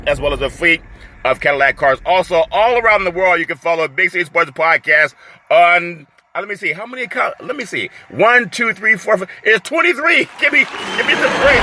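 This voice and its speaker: Hyped-up male sports show host. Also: on the high side. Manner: exuberant, hyped, calls for praise, laughs often. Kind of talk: casual sports talk. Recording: steady background noise.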